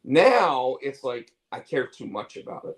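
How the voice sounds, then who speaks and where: A man's voice: mid-range voice, very animated, measured pace, rough recording. Guy on a chat show rambling, lots of "like" and restarts, swears easy. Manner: rambling, repeats words and fillers; candid, swears casually. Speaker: podcast co-host. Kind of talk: casual chat.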